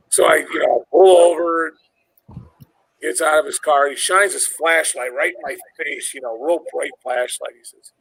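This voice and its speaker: A man's voice: fairly high pitch, gravelly, fairly bright tone, slightly rough, dry recording, low-quality recording. A man, probably in his forties, casually telling a long personal story, rambling and swearing and acting out the other voices in it. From Illinois, USA. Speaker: podcast host.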